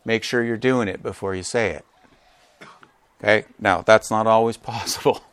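A man preaching a sermon to his congregation. He is animated and joking, and acts out quotes with big jumps in pitch. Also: normal speed, clear, resonant tone, no room sound. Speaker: pastor. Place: church gathering with a live congregation.

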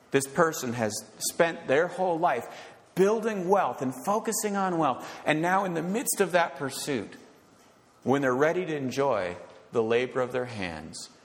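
A male pastor giving an emphatic sermon, often asking rhetorical questions and checking in with "okay?". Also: medium pitch. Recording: long reverb of a large hall.

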